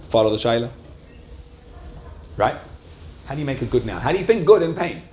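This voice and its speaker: Male Torah teacher who keeps quizzing his listeners, mid-pitched voice. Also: big pitch swings, a little fast, darkish tone, a little hiss or hum. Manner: keeps asking the group questions and checking they follow. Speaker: religious teacher. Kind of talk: Torah class lecture to a live group.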